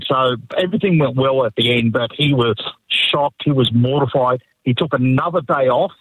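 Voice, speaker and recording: Calling into a radio show, a middle-aged man with a husky, mid-range voice animatedly tells a casual anecdote at a moderate pace, restarting his sentences. The audio sounds like a phone line, with no room sound.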